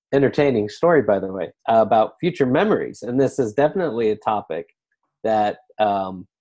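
Male host, low voice, relaxed and hesitant, casual interviewer.

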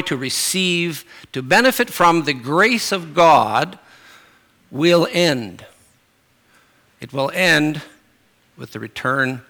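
A man's voice: fairly high pitch, sharp tone. A middle-aged man preaching a sermon in a conversational way, with fillers and restarts.

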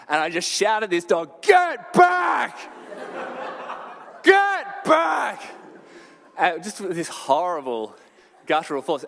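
A man preaching a sermon, telling a story with dramatic pauses and sudden shouted bursts. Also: on the high side. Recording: long hall reverb.

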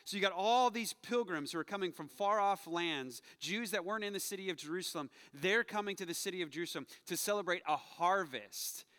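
A man's voice: sits high, a little fast, hardly any pauses, sharp tone, clear, resonant tone, in a large hall. A male pastor preaching a sermon in a church, telling the story with animation and acting out quoted voices. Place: church sanctuary.

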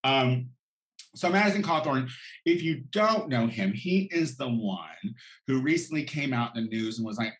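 A man's voice: mid-range voice, lively intonation, moderate pace, a bit bright. A man doing a sassy, profane comedic rant, campy and full of exaggerated outbursts, recorded in an echoey room. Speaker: vlogger.

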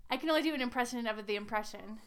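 A woman with a slightly high voice co-hosts a casual podcast. She asks questions in a teasing way and giggles easily. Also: very fast, a bit bright. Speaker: podcast co-host.

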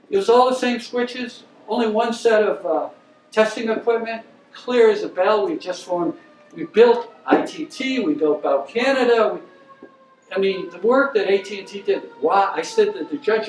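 An older man tells career stories to a lecture audience in a blunt, opinionated way. His voice sits a little high for a man. He sounds far from the mic in a roomy, echoing hall with faint background noise. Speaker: guest lecturer. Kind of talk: lecture with anecdotes. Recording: echoey hall, speaker off-mic.

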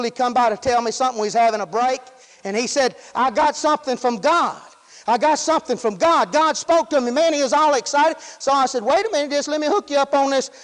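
A man's voice: extremely high pitch, fairly bright tone. A man preaching a sermon in a folksy, repetitive style, with frequent praise interjections. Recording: hall with long reverb.

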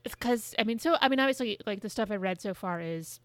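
Woman podcast co-host, mid-pitched, casual and profane, close dry mic. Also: expressive, fast talker, no echo. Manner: chatty, frequent swearing and hedging fillers.

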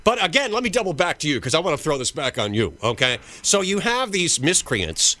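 A man's voice: fairly high pitch, big pitch swings, a little fast, sharp tone. A man hosting a talk radio call-in show, joking and needling his callers.

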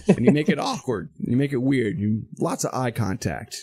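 A man's voice: mid-range voice, moderate pace, husky. A man hosting a podcast, telling a profane road-rage story with lots of swearing and quoted back-and-forth. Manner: profane, animated storytelling, acts out quoted voices. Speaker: podcast host. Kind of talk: casual podcast chat.

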